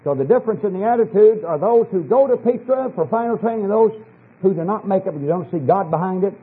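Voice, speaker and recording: On an old archival sermon tape with narrow, tinny audio, a man preaches emphatically, dropping into low asides and rising into fervent scripture reading. He's animated and husky, and he talks fast.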